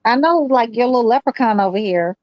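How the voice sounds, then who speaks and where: A woman's voice: fairly high pitch, animated, brisk, no room sound, muffled recording. A woman co-hosting a live boxing stream, blunt and slangy, swearing freely. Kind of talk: casual live commentary chat.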